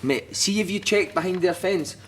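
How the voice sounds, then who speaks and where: A man's voice: high voice, normal speed, fairly bright tone, slight background noise. A Scottish man, a former footballer and podcast guest, telling stories in casual chat, swearing freely, laughing through them and acting out other people's lines. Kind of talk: casual storytelling. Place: studio couch.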